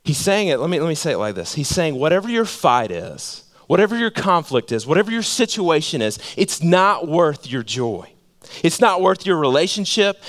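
A male pastor preaching a sermon in a conversational way, repeating phrases for emphasis and dropping to a hush. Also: on the high side. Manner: conversational, repeats phrases for emphasis, swings between loud and hushed.

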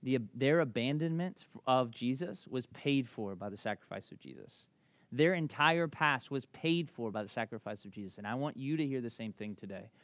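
A man preaching a sermon as a pastor, telling stories conversationally and swinging between loud bursts and hushed lines. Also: medium pitch, expressive, moderate pace, no echo.

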